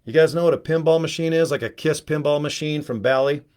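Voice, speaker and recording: A man's voice: a little high, fast, darkish tone, clean tone. A middle-aged man chatting casually at home on a webcam livestream, rambling, joking and cursing freely. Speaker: video host. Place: at home, indoors.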